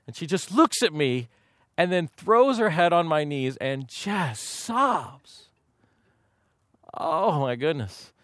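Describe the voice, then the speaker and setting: Folksy preacher man, high voice. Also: takes it slowly, no echo, clean studio sound. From Kansas, USA. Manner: folksy, humorous, lively anecdotes. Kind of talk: sermon with personal storytelling.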